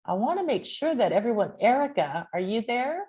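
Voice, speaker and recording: A woman's voice: fairly high pitch, big pitch swings, moderate pace, a little mellow, breathy edge. A woman leading an online real estate training, upbeat and encouraging as she calls on people. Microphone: video call.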